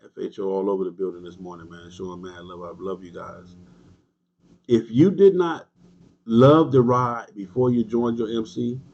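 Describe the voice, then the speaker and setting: A husky, mellow-toned man, preaching hard to his viewers as a motorcycle club leader. He repeats his points, drops street slang and fires back at live comments. The sound is dull and lo-fi, like cheap stream audio. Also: lowish voice, normal speed. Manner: emphatic, repetitive, preachy. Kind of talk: livestream monologue answering viewers.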